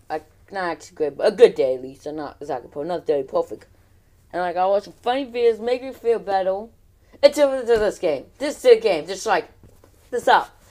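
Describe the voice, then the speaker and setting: A woman ranting through gameplay commentary, exasperated and rambling, repeating taunting questions with many halting restarts. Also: medium pitch. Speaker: gaming channel host.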